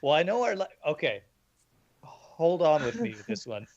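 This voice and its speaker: Animated joking male player. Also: a little high, normal speed, vocal fry. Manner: joking, animated, laughs often. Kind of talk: casual tabletop game chat. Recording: dull lo-fi audio.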